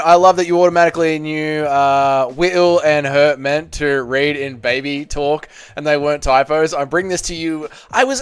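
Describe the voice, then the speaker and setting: A man's voice: fairly high pitch, fairly bright tone, clean tone, no echo. Crude Australian man reading live chat. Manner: reads viewer chat aloud, crude banter. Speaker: channel host.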